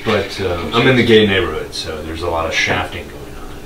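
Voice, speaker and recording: A man's voice: sits low, moderate pace, noisy background. A man co-hosting a podcast, cutting in with wisecracks during a story. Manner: wisecracking, interjecting. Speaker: podcast co-host. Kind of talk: casual banter. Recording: roomy, distant mic with chatter behind.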